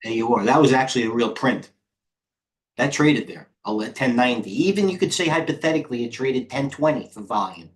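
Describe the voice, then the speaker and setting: A man in his 50s hosts a live trading stream, giving brash, rambling market commentary, reading out chat, and letting swear words slip. His medium-pitched voice has lively intonation and runs a little fast.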